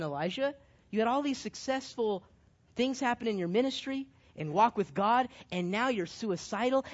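Animated man leading a Bible study. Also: high-pitched. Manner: animated, jokey, bursts into shouts. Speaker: youth Bible study leader. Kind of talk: lively Bible study teaching with props. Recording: dull lo-fi sound.

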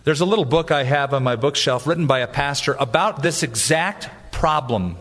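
A man preaching a sermon as a pastor, animated and joking, acting out little asides. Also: medium pitch, normal speed, in a large hall.

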